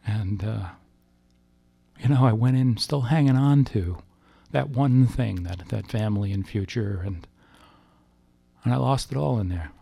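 A man recounting a personal experience as testimony, halting and emotional, with frequent restarts. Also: fairly low pitch, vocal fry, dark tone, slightly rough, no echo. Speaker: storyteller.

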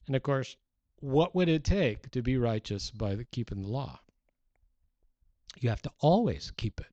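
A man's voice: mid-range voice, expressive, moderate pace, warm tone, no echo, muffled recording. A man preaching a sermon, teaching earnestly with emphatic rises and frequent restarts. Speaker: pastor.

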